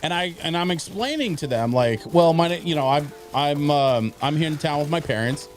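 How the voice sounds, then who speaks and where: A man's voice: fairly high pitch, animated, normal speed, soft background music. A man streaming a game, telling a long casual story in a rambling way, full of fillers and restarts. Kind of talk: casual storytelling while gaming.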